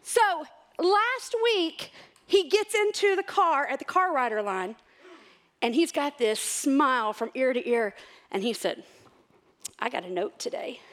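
Middle-aged woman, high voice, excited storyteller at church. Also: measured pace. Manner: chatty, excited, laughs often. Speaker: church speaker. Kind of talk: church talk with personal stories.

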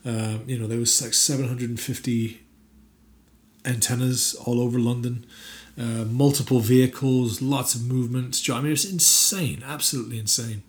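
A man's voice: mid-range voice, steady tone, normal speed. A man being interviewed as an actor, chatting casually with many fillers and restarts and bursts of emphatic enthusiasm. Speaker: actor guest.

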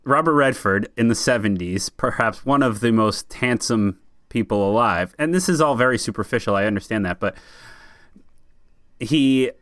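A man's voice: medium pitch, moderate pace, a bit bright, no room sound, clean studio sound. A man co-hosting a podcast, talking casually with lots of "like" fillers. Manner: chatty, many "like" fillers. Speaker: podcast co-host. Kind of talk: casual film discussion.

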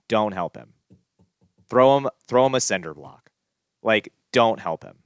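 A man's voice: lowish voice, moderate pace, clear, resonant tone, dry recording, studio quality. A man co-hosting a casual sports podcast, ranting in an exasperated, gloomy way with sighs and restarts. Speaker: podcast co-host.

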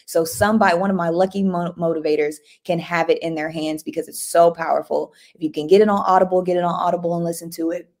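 A woman hosting a casual motivational livestream, upbeat and excitable, often restarting and repeating herself. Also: on the low side, quick pace. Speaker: livestream host.

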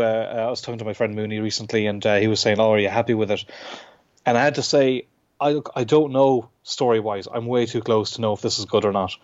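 A man's voice: medium pitch, darkish tone. An Irish man, a comic book writer, talking casually in an interview, full of restarts and fillers. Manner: halting, many restarts and fillers. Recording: dull lo-fi sound.

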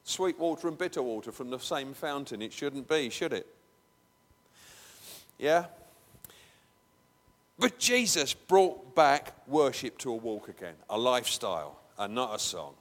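A man's voice: mid-range voice, very animated, a little slow, long pauses, fairly bright tone. A man preaching a conversational sermon in a church, breaking into emphatic, raised bursts. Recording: long hall reverb.

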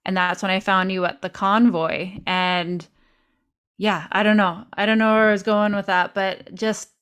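A woman's voice: medium pitch, level tone, measured pace, fairly bright tone, smooth. A woman from Canada hosting a podcast, telling stories in a chatty way and acting out her own past remarks. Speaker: podcast host. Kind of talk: casual conversational interview.

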